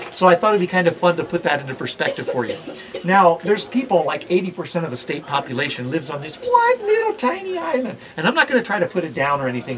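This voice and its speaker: A middle-aged man from Hawaii leads an outdoor ranger talk with a fairly high voice. He teases and quizzes the visitors as he goes. A crowd is clearly audible around him outdoors. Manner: playful, quizzes the crowd and jokes. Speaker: park ranger. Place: outdoors at a volcano viewpoint.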